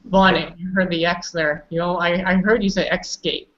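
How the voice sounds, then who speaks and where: A woman's voice: lowish voice, little pitch movement, normal speed, dull audio. Woman teacher correcting pronunciation. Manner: patient, correcting and prompting students. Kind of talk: online class instruction.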